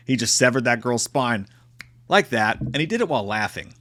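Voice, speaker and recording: A man's voice: mid-range voice, fairly quick, a bit bright. A man giving a casual, profane and exclamatory movie review.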